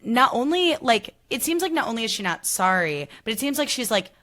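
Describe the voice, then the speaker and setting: A woman hosting a podcast, chatting casually about a reality show, full of "like" fillers and quick impressions of people. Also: fairly high pitch. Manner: animated, lots of "like" fillers, mimics people. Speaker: podcast host. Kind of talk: casual chat.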